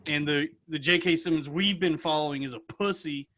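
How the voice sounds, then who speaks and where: A man co-hosting a podcast, telling a story with excitement and joking with friends. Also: fairly high pitch, brisk. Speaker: podcast co-host. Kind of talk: casual chat. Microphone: video call.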